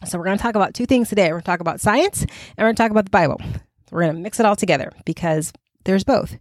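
A woman's voice: mid-range voice, very fast, dry recording, clean studio sound. A woman host giving a casual devotional talk, chatty and full of "right?" and "okay?" tag questions. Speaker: podcast host.

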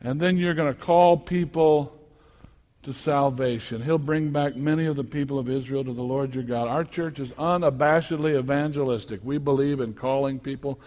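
A man preaching a sermon as pastor, swinging from quiet teaching to loud exhortation and repeating words when worked up. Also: mid-range voice, moderate pace. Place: church sanctuary. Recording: long echo of a church hall.

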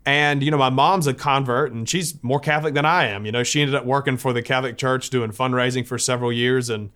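A man's voice: medium pitch, quick pace. A man from the United States telling a personal faith story in a conversational way. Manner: conversational, lively when quoting others.

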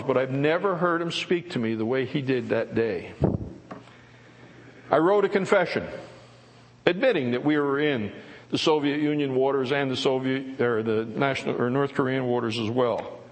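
An older man, a former prisoner of war, giving an earnest, reflective spoken testimony at a church service, with halting restarts. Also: mid-range voice. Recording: long reverb of a large hall.

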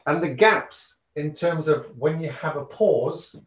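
A man teaching public speaking skills, talking with lively swings of loudness and pitch as he explains and demonstrates. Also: slow pace. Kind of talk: presentation skills lesson.

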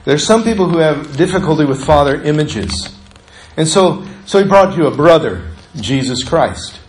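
A pastor preaching a sermon, asking the congregation questions and often dropping his voice low and slow. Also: slight background noise, rough recording. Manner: preachy, asks the listeners questions, often drops soft and slow.

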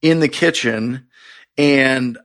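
A man telling a personal story in a casual, expressive way, acting out his own excited reactions. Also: mid-range voice, takes it slowly. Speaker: real estate investor telling his story.

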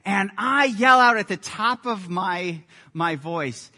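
A male pastor giving a sermon, telling lively anecdotes in an animated storytelling manner. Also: high voice, slow, big-room sound.

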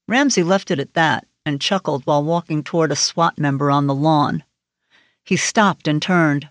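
A woman narrating a crime thriller audiobook in an even, steady storytelling manner. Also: low-pitched, moderate pace, no room sound. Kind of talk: scripted narration.

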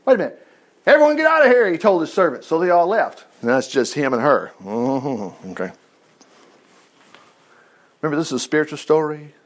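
A man reading a Bible story aloud and breaking off into folksy, joking asides, with loud emphatic bursts and low mutters. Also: animated, normal speed, pauses often. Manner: reads scripture aloud with folksy asides and jokes. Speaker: Bible teacher. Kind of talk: casual Bible study reading and commentary.

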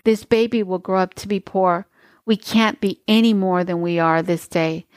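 A woman's voice: fairly low pitch, fairly even intonation, normal speed, a little mellow, no room sound, natural voice. A woman reading aloud as a poor young mother who speaks with doubt and bitterness. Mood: doubtful.

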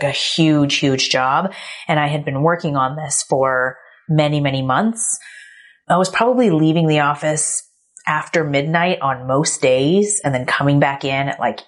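A woman in her thirties hosting a podcast, telling a candid personal story with a reflective tone and soft laughs. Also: sits low. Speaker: podcast host.

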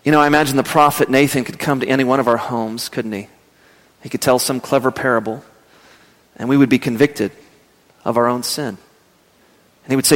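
A man preaching a sermon, telling stories and dropping his voice low and slow for emphasis. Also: fairly even intonation, long reverb tail. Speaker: pastor.

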